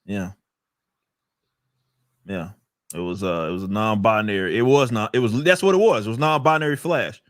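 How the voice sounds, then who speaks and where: A man's voice: lowish voice, normal speed, long pauses, a bit bright, no echo, clean studio sound. A man chatting on a podcast, ranting and swearing, often repeating words as he thinks. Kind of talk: casual podcast chat.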